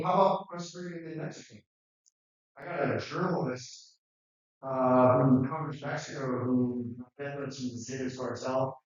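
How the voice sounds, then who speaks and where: A man's voice: mid-range voice, a little mellow. A man giving a classroom lecture in a rambling, conversational way, with many fillers and restarts. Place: lecture room. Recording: muffled, very echoey, distant.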